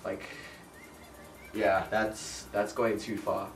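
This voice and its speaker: A man's voice: medium pitch, animated, moderate pace. A young man from Africa, rambling through a comedic vlog rant full of "like" and asides. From South Africa. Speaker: vlogger. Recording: roomy sound from a distance. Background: faint music.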